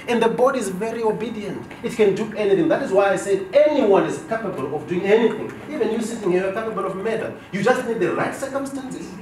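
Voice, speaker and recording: In a workshop class, a high-voiced business trainer energetically quizzes attendees and performs office dialogues. The audio is distant and echoey, with slight background noise.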